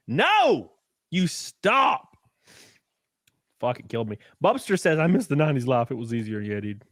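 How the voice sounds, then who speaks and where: A tipsy man co-hosting a podcast, chatting crudely and animatedly, often laughing and breaking into high mocking voices. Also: very animated, moderate pace, pauses often, a bit bright, no echo, studio quality. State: a little drunk. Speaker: podcast co-host. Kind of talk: casual crude banter.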